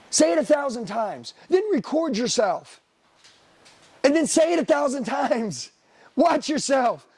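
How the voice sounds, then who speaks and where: A man's voice: very high voice, darkish tone, slightly rough. A middle-aged man giving a blunt, profane motivational sales seminar talk, firing rhetorical questions at the room. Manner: profane, blunt, hard-driving. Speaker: sales trainer.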